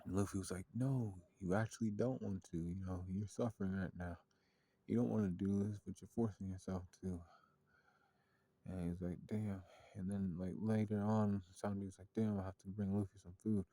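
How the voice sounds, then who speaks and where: A man's voice: low-pitched, fairly even intonation, normal speed, warm tone, dry recording. A man casually retelling a story in a rambling way, full of fillers and swearing. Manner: rambling, filler-heavy and profane.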